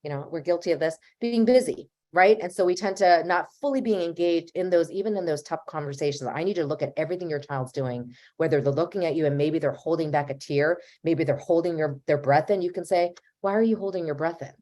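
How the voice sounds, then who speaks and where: A woman's voice: deep voice, fairly quick, hardly any pauses, mellow. Earnest woman therapist giving advice. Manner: earnest, advisory, acts out parent and child lines. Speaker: family therapist panelist. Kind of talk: webinar panel answer.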